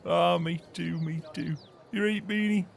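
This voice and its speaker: A man's voice: high-pitched, fairly even intonation, a little slow, gravelly. A young man, chatting in character during a game roleplay, hearty and emphatic, swearing casually. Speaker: roleplay player.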